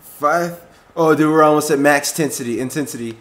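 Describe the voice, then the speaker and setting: A young man hosting a gaming video, talking casually through gameplay in a jumpy, excitable way with frequent yelps and swearing. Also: on the high side, fairly quick, a little hiss or hum.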